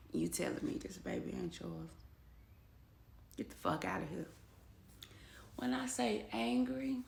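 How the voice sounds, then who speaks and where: A woman with a gravelly, fairly low, darkish voice tells her own story in a personal vlog, bluntly and emotionally, quoting other people's dialogue. The room is echoey, with faint background noise.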